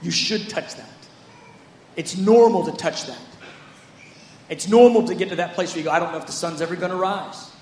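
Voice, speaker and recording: A man's voice: high-pitched, moderate pace, pauses often, a little mellow, roomy sound, slight background noise. A man preaching a sermon in a conversational way, often acting out quotes from scripture. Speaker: pastor.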